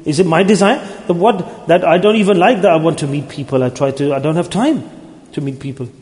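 A man's voice: on the high side, fairly quick, a little mellow. A man preaching a sermon as a religious teacher at a mosque gathering, in an earnest, pleading, repetitive way. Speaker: Sufi religious teacher leading dhikr gatherings. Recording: roomy hall with long echo.

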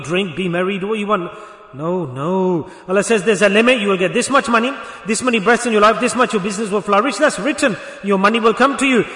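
A man's voice: sits high, bright, forceful tone. A man giving a sermon, telling a story and putting rhetorical questions to his listeners. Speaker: preacher. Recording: echoey hall.

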